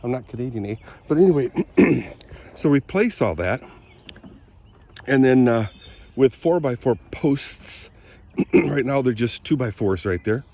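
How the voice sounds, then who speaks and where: Throat-clearing rambling man outdoors. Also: mid-range voice, lively intonation, a little slow, pauses often, mellow. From Southwest Michigan. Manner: rambling, chatty, frequent throat clearing and coughs. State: lingering cold, throaty. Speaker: vlogger. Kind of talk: casual walk-and-talk vlog. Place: outdoors on a farm.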